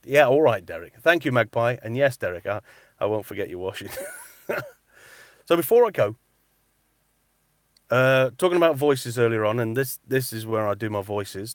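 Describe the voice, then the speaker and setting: A man's voice: medium pitch, dry recording, clean studio sound. A man chatting casually on a live stream, reading out comments in a cupboard he uses as a recording booth. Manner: chatty and animated, repeats himself. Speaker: metal-detecting vlogger and voice artist.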